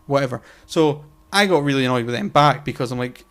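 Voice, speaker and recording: Speaking fast with a medium, slightly bright voice, a man co-hosting a podcast spins a profane story in easygoing conversation. He plays every part of the arguments himself, stumbling into restarts and fillers along the way.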